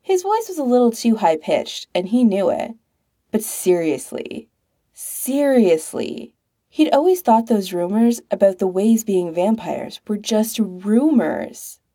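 A woman reading fiction aloud in an expressive, unhurried way. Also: medium pitch. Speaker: story reader. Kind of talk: narrating fan fiction aloud.

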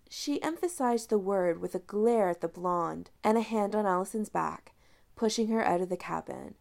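A woman's voice: medium pitch, moderate pace, gravelly, a little mellow. A woman narrating a fan story aloud as a podfic reader, reading expressively.

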